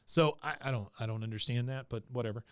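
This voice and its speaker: Podcast co-host, man, mid pitch, dry close sound, chatty recap with frequent laughs. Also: fast, smooth, dry recording. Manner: laughs often, narrates scenes with quoted lines. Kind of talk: casual chat recapping an episode.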